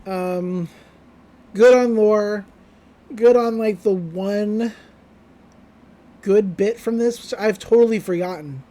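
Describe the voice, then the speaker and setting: Young adult woman, casual podcast co-host, chatty and rambling, mid-range pitch. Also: slow pace, pauses often, warm tone. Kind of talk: casual episode recap chat.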